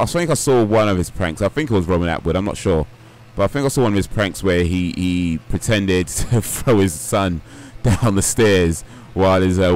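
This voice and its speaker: Brief: low-voiced male streamer, loose rambling chatter, game music faint behind him. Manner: rambling, chatty, reacting to viewers. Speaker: livestreamer. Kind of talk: casual gaming stream chat.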